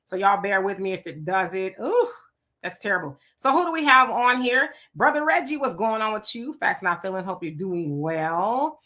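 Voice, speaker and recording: Bright-voiced woman hosting a livestream. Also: medium pitch, animated, normal speed. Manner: chatty, greets viewers by name. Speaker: livestream show host. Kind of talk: casual live-stream chat.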